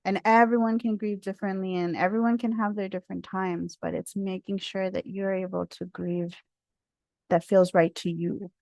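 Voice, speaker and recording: A woman from India speaking in a talkative, expressive way. She is a guest speaker in a discussion and drifts into tangents. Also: medium pitch, moderate pace, vocal fry, no echo. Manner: talkative, expressive, easily sidetracked. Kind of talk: casual discussion.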